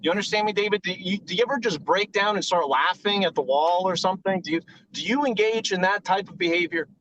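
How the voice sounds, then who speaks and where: A brash, defensive troll, played by a man rambles and swears in a high voice. The sound is a little dull and lo-fi, with a faint hiss behind it. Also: fast talker, fairly bright tone.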